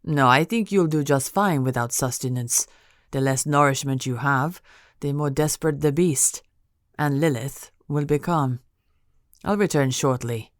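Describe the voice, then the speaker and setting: A woman voicing a cold, predatory male vampire count who speaks softly and menacingly. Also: very deep voice, no room sound, studio quality. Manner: soft, dangerous, slow voice.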